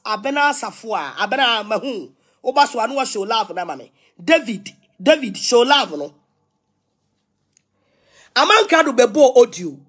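Woman, Ghanaian accent, high voice, middle-aged, defiant, scolding, repetitive rant. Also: fairly bright tone. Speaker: social media personality. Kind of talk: ranting live video.

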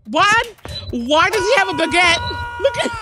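Shrieking high-voiced woman gamer. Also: background noise. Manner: excitable, shrieks and laughs often. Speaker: gaming streamer. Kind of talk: reacting to a horror game.

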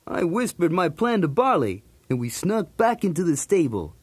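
High, bouncy, streetwise cartoon dog narrating a toy story tape; dry close sound. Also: male voice, sing-song, moderate pace, slightly rough, dry recording, heavily acted. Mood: breezy. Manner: jokey, streetwise, punning. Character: cool wisecracking male cartoon dog.

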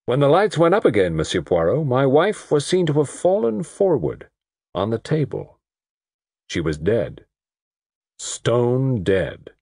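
Recorded in a clean studio with no room sound, a male narrator brings a scripted detective story to life, reading in a low, spirited voice and acting out each exchange of dialogue.

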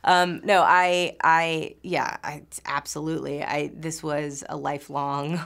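A woman's voice: sits low, little pitch movement, unhurried, gravelly, a bit bright. A woman from New York in her thirties, an actress answering interview questions in a chatty way, full of fillers and restarts.

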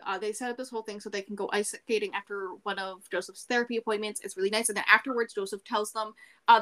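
Bright-voiced woman recapping a book. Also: fairly high pitch. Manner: animated, swears, lots of fillers. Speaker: podcast co-host. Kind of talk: casual book recap chat.

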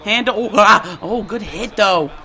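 Excitable young man calling his own game. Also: sits high, a little slow, vocal fry. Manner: excitable, shouts and laughs at big plays, slangy. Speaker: gaming YouTuber. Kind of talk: excited live gameplay commentary.

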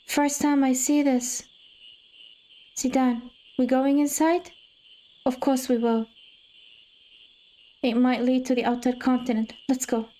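A woman's voice: sits high, level tone, takes it slowly, long pauses, mellow, poor audio. A woman giving casual let's-play commentary while she plays a game. She reads the game's dialogue aloud and gasps and squeals when she gets scared. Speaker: gamer. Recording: game music playing behind.

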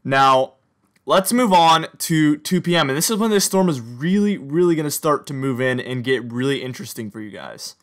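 This is a young American man with a light Southern lilt, talking viewers through a snowstorm forecast on radar maps. He sounds upbeat and chatty, with a voice that sits in a middle register and jumps up in pitch at each new time step. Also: animated, moderate pace. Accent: slight Southern or Mid-Atlantic American. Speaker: weather forecaster. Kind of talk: scripted-free weather forecast over radar maps.

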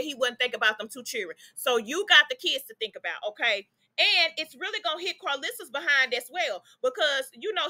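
A woman's voice: high-pitched, pushed and bright. A woman with a Southern US accent, chatting sassily about celebrity gossip to her viewers. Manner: sassy, chatty, addresses viewers as y'all and baby. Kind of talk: casual gossip commentary to viewers.

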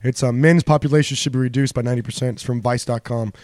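A man hosting a casual podcast, easygoing and quick to laugh while reading out stories. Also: mid-range voice, fairly even intonation, a little mellow, no room sound, clean studio sound. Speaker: podcast host. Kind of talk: casual chat.

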